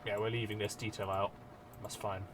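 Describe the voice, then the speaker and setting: A man's voice: fairly low pitch, level tone, fairly quick, background noise. A man streaming live, chatting casually and self-mockingly with his viewers and swearing freely as he works.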